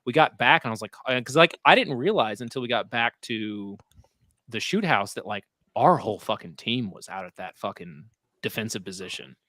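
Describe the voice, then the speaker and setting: A man with a bright, forceful voice tells a story with lots of swearing and laughter, and his pitch jumps around as he gets into it. The sound is close and dry, right on the mic. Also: fairly quick, no room sound. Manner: animated, laughing, profane storytelling. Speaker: podcast co-host. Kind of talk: casual storytelling chat.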